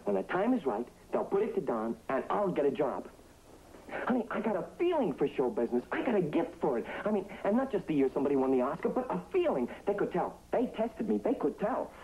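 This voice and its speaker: A man's voice: high voice, fast, slight background noise. An actor playing a man who was once a waiter, an eager, boastful dreamer who keeps coaxing and saying "I mean," in a 1960s TV drama. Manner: excited, wheedling, repeats "I mean". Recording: tinny old TV soundtrack.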